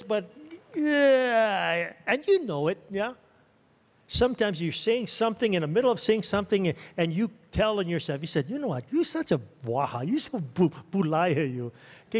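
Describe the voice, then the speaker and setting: A man preaching a sermon in a church, animated and conversational, often checking in with the congregation. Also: high voice. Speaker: pastor. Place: church sanctuary. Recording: long church-hall reverb.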